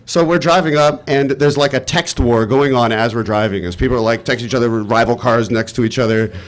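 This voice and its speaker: A man telling a personal story live on stage, animated and exasperated, swearing freely. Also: mid-range voice, brisk.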